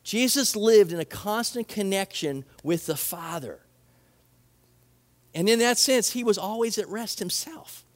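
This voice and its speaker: High-voiced man preaching earnestly. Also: expressive, measured pace. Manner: earnest and conversational, with emphatic repetition. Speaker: pastor. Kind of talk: sermon.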